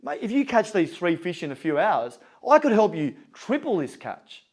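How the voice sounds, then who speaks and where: A man voicing a stressed, eager banker who pushes his plans with growing excitement. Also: a little high, normal speed, lightly acted. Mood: excited. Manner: eager, pushy, rising excitement.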